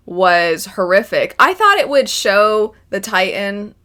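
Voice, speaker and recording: A young woman talks through her first impressions in a bright, clear voice. She is chatty and enthusiastic and laughs often as she goes. Her pitch sits in an ordinary middle range for a woman. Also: very animated, slow pace. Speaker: anime reaction vlogger. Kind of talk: casual first-impressions commentary.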